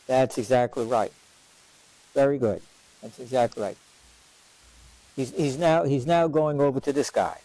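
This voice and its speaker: A man leading a parish Bible study as its teacher, questioning his class and repeating key lines for emphasis in an unhurried classroom lecture. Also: medium pitch, mellow, no room sound, poor audio. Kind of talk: lively classroom lecture on scripture.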